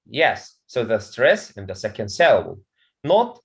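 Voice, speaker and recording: A man's voice: medium pitch, sing-song, unhurried. A man teaching a pronunciation lesson to a class, repeating words and questions patiently. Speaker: English teacher.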